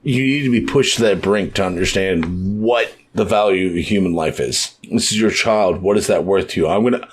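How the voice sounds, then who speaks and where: A young man talking loosely in a podcast chat, his voice sitting low. He swears freely and bursts into quick voiced-out bits as he retells scenes. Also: a little hiss or hum. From United States. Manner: loose, profane, animated, acting out scenes with quick voice shifts. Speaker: podcast co-host. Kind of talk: casual chat.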